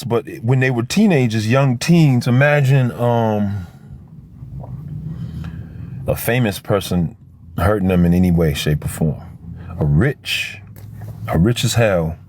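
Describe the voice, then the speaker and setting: A man's voice: medium pitch, a little mellow. Middle-aged guy ranting on the street, slangy and emphatic, voice jumping all over, traffic noise. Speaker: actor. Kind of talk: casual street vlog rant. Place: outdoors on a street near traffic. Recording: noisy street recording with traffic.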